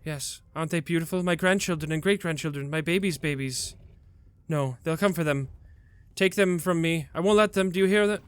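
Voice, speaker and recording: A man's voice: fairly high pitch, fairly quick, clear, resonant tone, dry recording, natural voice. A man voicing an anguished old female dragon who laments her lost children in a wailing voice. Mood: fiercely protective.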